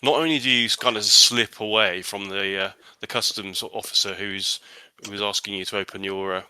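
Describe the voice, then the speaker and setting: A man's voice: lowish voice, steady tone, moderate pace, sharp tone, clean tone, no room sound. A man narrating a tabletop horror game as game master, hesitant and full of restarts.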